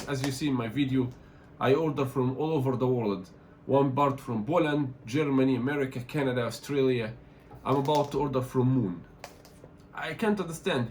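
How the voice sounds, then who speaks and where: A man from Egypt, not an English speaker, talking through an unboxing as a tech reviewer, animated and complaining in loose phrasing. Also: medium pitch, slight background noise. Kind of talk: casual unboxing vlog.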